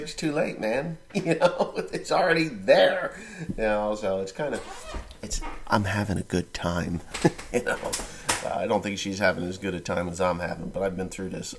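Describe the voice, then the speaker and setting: A man's voice: low-pitched, a little hiss or hum. A middle-aged man, a farmer, talking casually and bluntly to the camera with crude jokes. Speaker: farmer vlogger.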